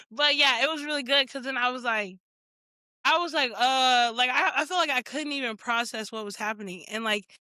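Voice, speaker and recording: A woman's voice: high-pitched, bright, forceful tone, dry recording. A woman hosting a podcast in casual chat, laughing often and acting out her own reactions as quotes. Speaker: podcast host.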